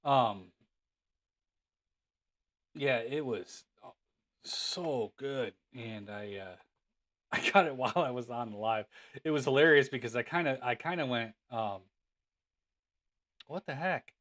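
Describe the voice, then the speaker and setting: A man's voice: mid-range voice, unhurried, long pauses, a bit bright. Rambling man chatting on a livestream. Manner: rambling, laughing, many fillers. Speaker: livestream host. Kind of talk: casual livestream chat.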